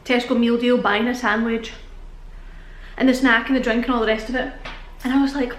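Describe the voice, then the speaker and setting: A woman's voice: on the high side, steady tone, fairly quick. A young British woman chatting casually to camera, out of breath and rambling, laughing often. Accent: British English. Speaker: vlogger. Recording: echoey room.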